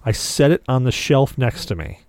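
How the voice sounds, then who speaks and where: A man's voice: mid-range voice, animated, normal speed, darkish tone, no room sound. Swearing, rambling podcast co-host man. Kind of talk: casual chat.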